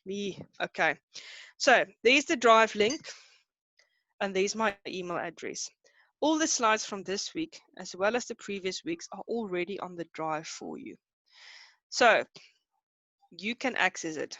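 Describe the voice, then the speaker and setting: A woman with a South African accent teaching an online class, chatty and brisk, hurrying her students along. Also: medium pitch, lively intonation, a bit bright, dry recording. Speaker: Afrikaans teacher.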